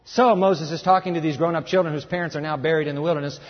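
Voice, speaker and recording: Husky higher-voiced preacher man, lively sermon, big echoey hall, kinda muffled. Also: fast talker, few pauses. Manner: animated, acts out voices, urges the audience. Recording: echoey hall, dull lo-fi sound.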